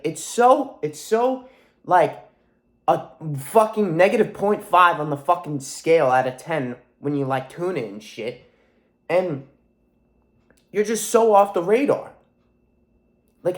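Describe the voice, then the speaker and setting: A young man in his twenties, his throat sore and his nose stuffy, talks in a soft voice that sits a little high for a man. He rambles to camera in a profane, emphatic way, swearing often and repeating himself. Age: 20s. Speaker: vlogger. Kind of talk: casual monologue to camera.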